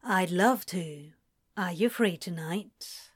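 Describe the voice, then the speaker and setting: A woman voicing a flirtatious man who teases in a low, slow drawl on the phone. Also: breathy edge, no echo, clean studio sound. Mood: teasing. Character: flirtatious male seducer on the phone.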